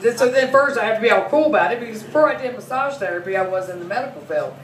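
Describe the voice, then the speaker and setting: A woman's voice: fairly high pitch, expressive, racing. Brash, profane woman comic in an echoey club. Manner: brash, profane, laughing through lines. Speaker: massage therapist. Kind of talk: stand-up comedy storytelling. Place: comedy club. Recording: echoey room, mic from a distance, noisy.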